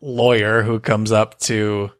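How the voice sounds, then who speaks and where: Relaxed lower-voiced man co-host. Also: slow. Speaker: podcast co-host. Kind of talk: casual chat.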